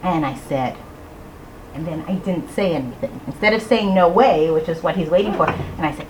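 A middle-aged woman telling a personal story to an audience in an animated way, acting out voices and rhyme lines. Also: on the low side, moderate pace, slight background noise, low-quality recording. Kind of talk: storytelling talk.

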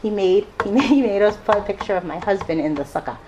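A woman's voice: mid-range voice, expressive, quick pace, background noise. A mother telling personal stories to a live audience, laughing often and acting out the people she quotes. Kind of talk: personal storytelling talk.

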